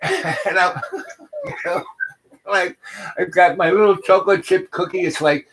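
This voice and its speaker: A man hosting a comedy show, telling a meandering story full of restarts and absurd deadpan asides. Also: sits high, measured pace. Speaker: comedic YouTube host. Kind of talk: rambling comic storytelling monologue.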